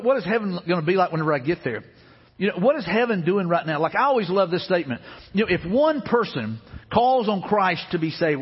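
A man's voice: high voice, breathy edge, big-room sound, highs cut off. A man preaching a sermon as pastor in a church, earnest and repetitive, speaking prayers aloud. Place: church sanctuary.

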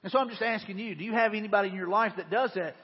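Fast-talking high-voiced male pastor preaching. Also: slightly rough, long reverb tail, muffled recording. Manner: rapid, repetitive rhetorical questions. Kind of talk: sermon.

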